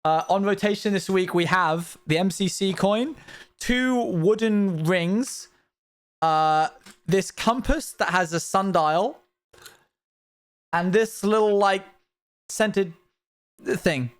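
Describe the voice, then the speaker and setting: A man's voice: sits high, slow pace, long pauses, smooth. A young man hosting a casual livestream from his desk, rambling and laughing at himself as he chats. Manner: rambling, giggly, self-mocking. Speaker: livestream host.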